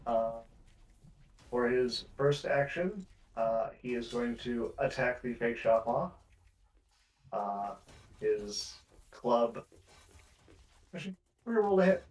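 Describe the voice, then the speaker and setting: A man's voice: mid-range voice, expressive, takes it slowly, pauses often, darkish tone. A man narrating as game master of a tabletop game, describing scenes and chuckling as he goes. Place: home streaming setup. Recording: roomy distant mic with faint music.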